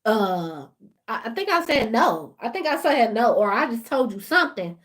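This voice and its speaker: Woman, high voice, animated storytelling, laughing asides. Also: normal speed. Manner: animated, laughing, talks straight to viewers. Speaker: vlogger. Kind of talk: casual storytime rant.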